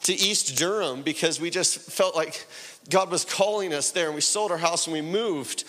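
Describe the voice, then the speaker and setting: A man's voice: a little high, normal speed, a bit bright, in a large hall. A man preaching a sermon, telling a story loosely with many fillers and then building to fervent, rising exhortation.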